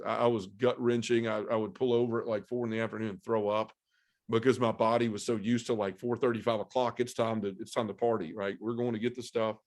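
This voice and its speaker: Low-voiced man telling a candid testimony. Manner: candid, earnest, acts out his own inner voice. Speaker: podcast guest. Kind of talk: personal testimony storytelling.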